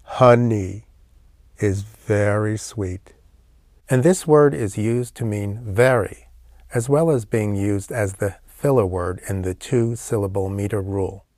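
A man leads a classroom language lesson, walking through each point patiently and using memory tricks. His voice sits on the low side. The sound is dry and close. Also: slow, a little mellow, no room sound. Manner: patient, explains step by step with mnemonics. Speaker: language teacher.

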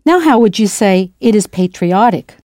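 A woman narrating a scripted language lesson in a clear, playful way, spelling words out letter by letter. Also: mid-range voice, animated, moderate pace, dark tone, no room sound, studio quality. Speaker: language teacher.

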